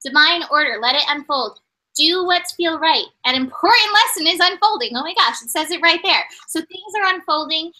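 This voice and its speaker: A woman's voice: very high-pitched, lively intonation, normal speed, bright, forceful tone, rough recording. A woman giving a casual oracle card reading, earnest and reflective, repeating key phrases. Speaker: tarot and oracle reader.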